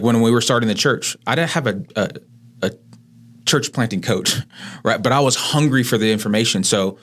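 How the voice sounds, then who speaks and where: A man in his thirties who is a pastor, co-hosting a podcast in an earnest, casual way that often ends with "right?". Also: on the low side. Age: 30s. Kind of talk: casual conversation.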